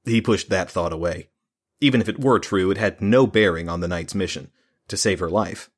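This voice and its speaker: A man narrates a fantasy novel in a steady, measured reading. His voice sits very low with a husky grain. The delivery is calm and even. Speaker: audiobook narrator.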